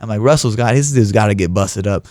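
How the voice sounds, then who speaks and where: A man's voice: lowish voice, fast, darkish tone, no room sound, clean studio sound. A young man in his twenties, an interview guest who tells stories with energy and laughs through the punchlines. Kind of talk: casual storytelling interview.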